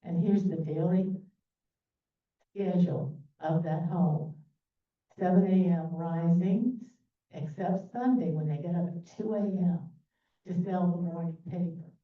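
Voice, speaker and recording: A woman's voice: on the low side, measured pace. Chatty woman lecturing in an echoey room. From New Orleans. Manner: chatty, loose, many fillers and asides. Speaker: presenter. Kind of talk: history talk with slides. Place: meeting room. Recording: echoey, distant, phone-like sound.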